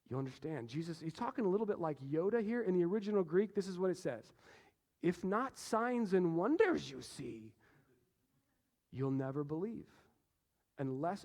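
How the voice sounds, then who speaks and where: A man delivering a sermon from a church stage, his fairly high voice carrying long reverberation around the sanctuary. He drives points home with loud bursts, then drops to a hushed low tone to draw listeners in. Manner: animated, swings between loud emphasis and hushed low passages. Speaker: pastor.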